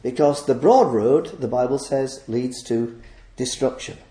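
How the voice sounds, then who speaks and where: A man's voice: medium pitch, unhurried, warm tone. A man preaching a sermon, earnest, painting scenes vividly for his listeners. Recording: echoey room.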